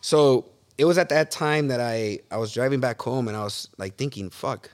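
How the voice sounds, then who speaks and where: A man telling stories from his life as a guest in a casual interview. He is animated, swears often and calls the listener bro and dude. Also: medium pitch, normal speed. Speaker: podcast guest. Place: real estate office.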